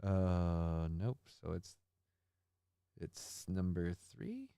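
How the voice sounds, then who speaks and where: Reading through chat messages on a laid-back livestream, the host wanders from topic to topic, cursing and adding sarcastic remarks. His fairly low, clear, resonant voice is a little slow, recorded dry with clean studio sound.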